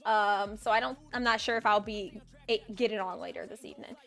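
A woman streamer chatting casually and excitably on a live stream, swearing now and then. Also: mid-range voice, a little fast, gravelly. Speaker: livestreamer.

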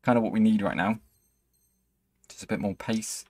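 A man's voice: lowish voice, steady tone, normal speed, dark tone. A young man commentating his own football video game match, swinging between hype and frustration. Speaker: gaming channel host. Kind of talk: live gameplay commentary.

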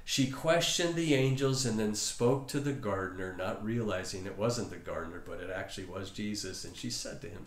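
A man preaching a sermon, telling the story dramatically with long pauses. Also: lowish voice, slight background noise. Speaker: pastor. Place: church. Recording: roomy church hall.

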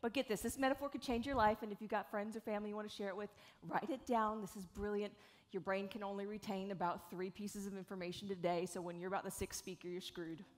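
Talking quickly with few pauses in a medium-pitched voice, a woman in her 40s from South Carolina gives a frank, jokey keynote on stage before an audience while speed painting. She's lively and drops casual swear words.

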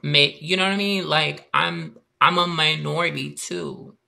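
A man's voice: a little high, steady tone, measured pace, creaky, bright, forceful tone. A man from the United States, a guest on a live stream, talking in a defensive, stammering way in casual chat.

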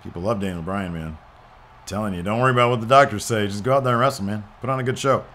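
A man hosting a gaming channel, giving excited play-by-play over a wrestling game with loud exclamations and quiet mutters. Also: on the low side, fast, a little hiss or hum.

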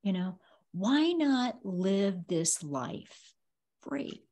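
A woman hosting a casual preaching stream, talking in a loose, conversational way and filling her pauses with little phrases. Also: medium pitch, big pitch swings, darkish tone. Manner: conversational, drawn-out, leans on filler phrases. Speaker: ministry host.

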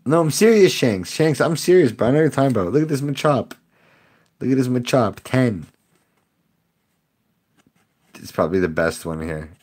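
A man's voice: mid-range voice, expressive, normal speed, pauses often, darkish tone. A young man live-streaming card pack openings, chatting with viewers, sarcastic and laughing often. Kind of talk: casual live-stream chat.

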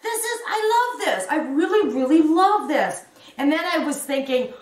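A woman's voice: high voice, expressive, moderate pace. A woman in her fifties chatting casually at home about her crochet, rambling and restarting her sentences with little giggles. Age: 50s. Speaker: crochet vlogger. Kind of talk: casual show-and-tell chat. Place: home room. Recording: echoey room.

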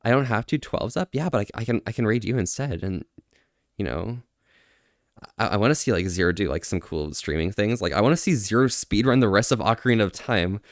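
A man streaming casually, reading viewer chat aloud, laughing often and switching into halting French. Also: lowish voice, dry recording, studio quality. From Canada.

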